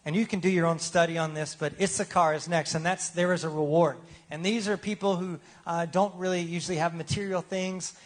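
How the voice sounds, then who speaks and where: A man's voice: a little high, steady tone, fairly quick, few pauses. A man preaching a sermon as pastor in a casual, joking way, often asking the congregation for replies.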